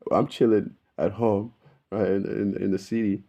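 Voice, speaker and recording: A man's voice: fairly low pitch, moderate pace. An Australian man hosting a video, telling rambling stories with lots of slang and swearing. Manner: slangy, profane, rambling, animated storyteller. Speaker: video host. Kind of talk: casual storytelling to camera.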